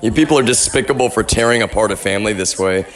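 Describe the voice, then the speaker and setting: A man's voice: on the low side, fast talker. Man, livestreamer, angry, profane rant, repeats y'all. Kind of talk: live-streamed rant.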